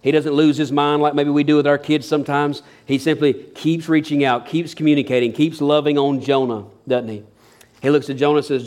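A man delivers a sermon, animated and folksy, with a slightly raised pitch for a man. He mixes humor with scripture and swings from big, lively stretches to quiet asides. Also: brisk. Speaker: pastor.

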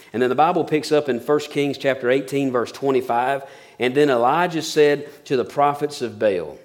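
Folksy, animated preaching man. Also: medium pitch. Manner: folksy, animated preaching with colloquial asides and acted-out quotes. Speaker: pastor. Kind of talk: sermon.

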